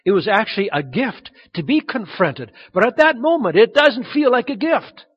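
A middle-aged man preaching a sermon as pastor, animated and acting out the voices he quotes. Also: high-pitched, normal speed, husky, big-room sound. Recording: dull lo-fi sound.

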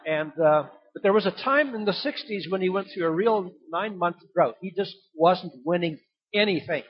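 A man's voice: a little high, husky, highs cut off. An older man preaching a sermon, telling a folksy story and acting out the voices in it. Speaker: pastor.

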